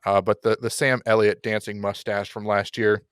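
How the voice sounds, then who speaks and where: Smooth-voiced man, eager podcast chat. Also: fairly low pitch, level tone, moderate pace, fairly bright tone, dry recording, clean studio sound. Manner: enthusiastic, stumbling over words. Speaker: podcast co-host. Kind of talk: casual chat.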